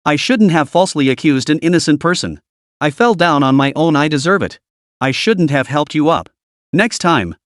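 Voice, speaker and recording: A man's voice: fairly high pitch, animated, normal speed, no echo, clean studio sound, natural voice. A man voicing a beaten-down male thug who stammers and mutters grudging apologies. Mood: cowed.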